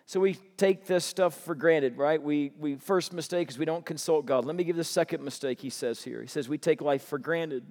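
A man preaching a sermon as pastor, earnest and emphatic, slowing down to stress key phrases. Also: a little high, darkish tone, in a large hall.

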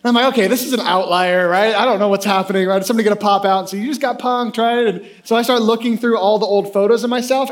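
A man in his thirties preaching a sermon, telling a self-deprecating funny story in an animated way. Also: high-pitched, fast, hardly any pauses, slight background noise. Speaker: pastor.

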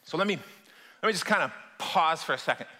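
A man preaching a sermon to a live congregation, animated and acting out the voices in the stories he tells. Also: on the high side, fast talker. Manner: animated, acts out voices in quotes. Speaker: pastor. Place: church hall with audience. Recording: long hall reverb.

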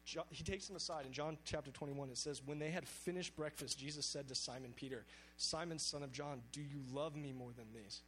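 A man's voice: on the high side, brisk, a bit bright, slight background noise, rough recording. A man preaching a sermon, speaking earnestly and reading scripture aloud with emphasis.

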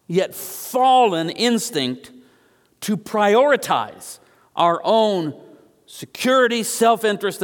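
Animated preacher in an echoey hall. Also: male voice, high voice. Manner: animated storytelling, emphatic with slow stressed phrases. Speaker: pastor. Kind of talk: sermon.

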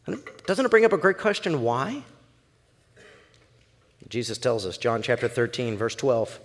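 A male pastor preaching a sermon in an emphatic, animated storytelling way. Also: medium pitch, unhurried, long pauses, big-room sound.

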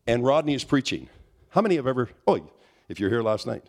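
Animated preacher man, rising to shouts. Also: fast talker. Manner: animated storytelling, rising to near-shouted high peaks. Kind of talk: charismatic sermon.

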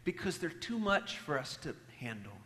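A man preaching a sermon, telling a story and moving between loud emphasis and hushed, near-whispered lines. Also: on the high side, sing-song, normal speed. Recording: long hall reverb.

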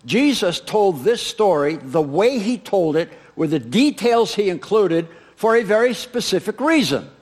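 A man preaching a sermon, retelling a parable as an animated storyteller who acts out its characters with humor. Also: sits high, a little slow, few pauses. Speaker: pastor.

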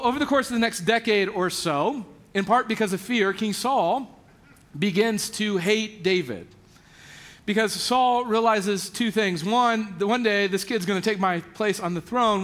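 Man, high voice, sermon, casual storytelling, acts out characters in slang. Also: normal speed, a bit bright. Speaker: pastor.

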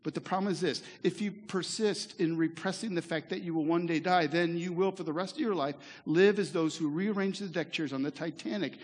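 A pastor giving a sermon in a church, earnest and conversational, with asides to the congregation. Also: male voice, fairly high pitch, fairly quick, few pauses. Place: church sanctuary. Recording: echoey hall reverb.

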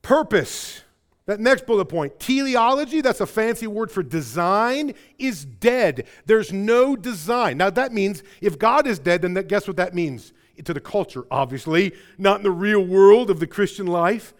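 Animated Chicago-area male preacher. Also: unhurried. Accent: Chicago-area American. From American Midwest. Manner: animated, swings between loud emphatic and quiet low passages; stumbles and repeats words when excited. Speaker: pastor. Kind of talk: sermon.

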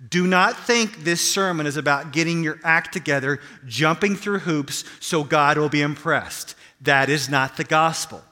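A man preaching a sermon as pastor, animated and acting out the voices he quotes. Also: fairly high pitch, long reverb tail. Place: church sanctuary.

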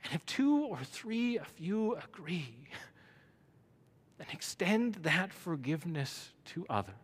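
A man preaching a sermon as pastor, building to loud emphatic runs. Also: fairly high pitch, sing-song, takes it slowly, husky. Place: church sanctuary. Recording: long hall reverb.

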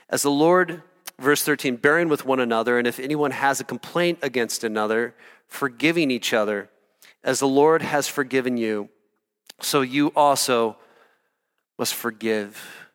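A man preaching a sermon in an earnest, animated way, spinning stories and tossing asides to the congregation. His voice sits at an ordinary middle pitch. It rings with the long reverb of a large hall. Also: moderate pace, clear, resonant tone. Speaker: pastor.

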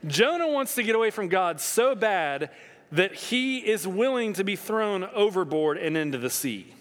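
A man preaching a sermon as pastor, telling the story with lively swings in his voice. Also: sits high, normal speed. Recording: long reverb of a hall.

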